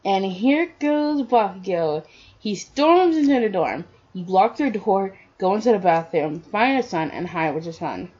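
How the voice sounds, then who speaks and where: Captured in dull lo-fi audio, a storyteller reads fan fiction to her listeners in a casual manner, with some slips and restarts. She has an expressive mid-range voice with a darkish tone and a slightly slow pace.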